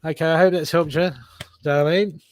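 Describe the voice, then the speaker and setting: A man's voice: a little high, fairly even intonation, moderate pace. A man giving tarot readings on a casual livestream, chatty and familiar, calling viewers darling and mate. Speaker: live tarot card reader.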